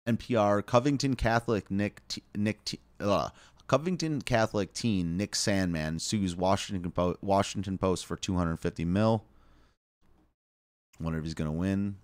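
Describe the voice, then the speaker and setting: A man's voice: deep voice, normal speed, no echo. A man hosting a casual live stream, reading headlines aloud with wry asides and chuckles. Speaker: live show host.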